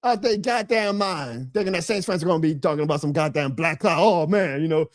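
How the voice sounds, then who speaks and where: A man hosting a live sports stream, ranting about football in a fiery, profane, indignant way that swings from loud outbursts to low mutters. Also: fairly quick, no room sound, studio quality.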